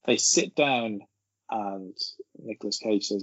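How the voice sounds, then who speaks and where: A man's voice: fairly low pitch, fairly even intonation, normal speed, no echo. A man, rambling through an anecdote in casual podcast chat. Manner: rambling storyteller, laughing as he tells it. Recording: dull lo-fi sound.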